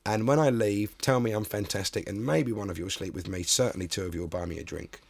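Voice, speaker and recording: A male comedian talking in a sardonic, emphatic way, his gravelly voice sitting mid-range. The sound is dry and close. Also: lowish voice, fast talker, dry recording. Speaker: comedian, interviewee. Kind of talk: animated anecdote.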